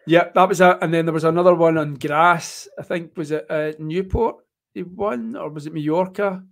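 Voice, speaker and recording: A man with a strong Scottish accent chats through a live tennis match as host. His voice sits a touch high, and he jokes and rambles, dotting his play-by-play with ums and asides. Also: steady tone, moderate pace, vocal fry. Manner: chatty and joking, rambling with fillers. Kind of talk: casual live tennis watchalong commentary.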